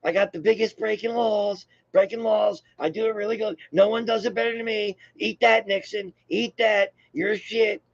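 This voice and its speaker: A man doing an impression of a boastful, blustering older politician, in a higher voice than his own. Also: steady tone, normal speed, creaky, hardly any pauses, no echo, lo-fi sound. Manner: bragging, taunting.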